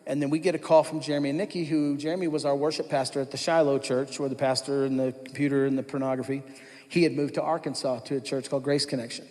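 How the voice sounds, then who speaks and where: A man giving his testimony at church, telling his story candidly and acting out his past self. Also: on the high side. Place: church hall. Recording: long hall reverb.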